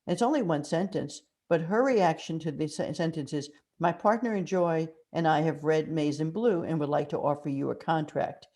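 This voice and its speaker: An older woman, a mystery author, telling animated anecdotes in an interview and acting out the quotes in them. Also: deep voice, moderate pace, few pauses. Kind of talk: conversational storytelling interview.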